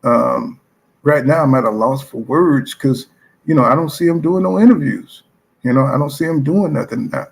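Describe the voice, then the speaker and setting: With slight background noise behind him, a man runs his own boxing channel, bluntly and profanely reacting to what viewers wrote. His mid-range voice is creaky and moderately paced, and he repeats fillers like "you know what I'm saying."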